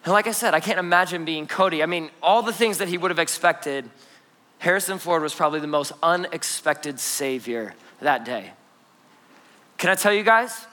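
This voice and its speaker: A man in his thirties preaching an energetic, conversational sermon, lively and joking with playful asides as he tells stories. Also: on the high side, normal speed. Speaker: pastor. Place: church auditorium. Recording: long hall reverb in a church.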